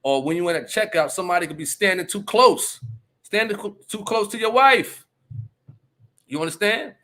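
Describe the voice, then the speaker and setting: A man's voice: high-pitched, moderate pace, pushed and bright. A man hosting a casual commentary stream, reading viewer comments aloud and reacting emphatically, often checking in with his listeners. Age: adult. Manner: emphatic, repeats "you understand?", reads chat aloud.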